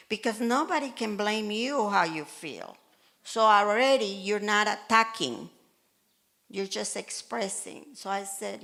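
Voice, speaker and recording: A woman pastor delivers a sermon in a church, earnest and animated, slipping into acted-out quotes from her own life. Her voice has a gravelly edge throughout. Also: mid-range voice, unhurried. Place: church hall in Malta. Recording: church service.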